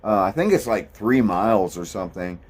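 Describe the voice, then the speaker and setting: A man's voice: lowish voice, expressive, moderate pace. A man, talking casually and rambling a bit as he vlogs about his hike. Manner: easygoing, rambling, lots of ums. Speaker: thru-hiker vlogger. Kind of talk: casual vlog monologue.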